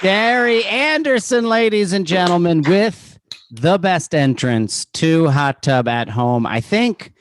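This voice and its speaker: A man hosting a streamed comedy show, giving a loud, emphatic introduction. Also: high-pitched, expressive, slow, some chatter behind, slight background noise. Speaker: show host.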